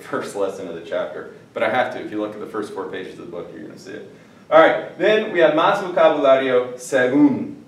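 A man teaching a classroom Spanish vocabulary lesson, jokey and lively, drawing out the Spanish words slowly. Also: medium pitch, a little hiss or hum. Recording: echoey room, mic at a distance.

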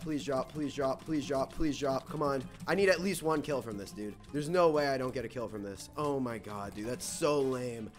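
A young man giving live commentary on a game, excitable, switching between nervous muttering and loud outbursts, saying "dude" and "bro" all the time. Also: fairly high pitch. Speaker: gaming YouTuber.

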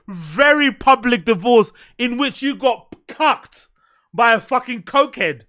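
A man talks fast over a clip he is reacting to, mocking and teasing with quick sarcastic riffs. His voice sits high and sounds bright and sharp. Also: animated. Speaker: reaction commentator.

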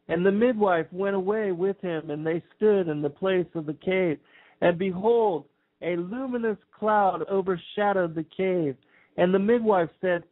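A man reading an old scripture text aloud in a slow, measured, solemn way. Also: sits high. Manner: slow, measured, archaic phrasing. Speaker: scripture reader. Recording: tinny phone-like sound.

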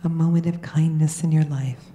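A woman leading a guided meditation in a gentle, soothing way. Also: sits low, fairly even intonation, moderate pace, slight background noise. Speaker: meditation leader. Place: large hall. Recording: echoey hall reverb.

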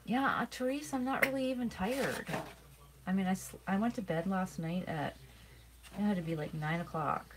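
A middle-aged woman with a medium-pitched voice hosts a craft livestream, chatting casually with viewers at a normal pace as she demonstrates. She sounds relaxed and talkative, yawning frequently. A steady background noise runs under the recording.

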